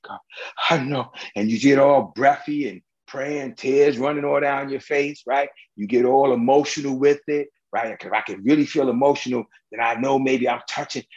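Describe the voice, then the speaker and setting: A man's voice: medium pitch, lo-fi sound. A male preacher delivering an emphatic, colloquial sermon, firing rhetorical questions at the congregation.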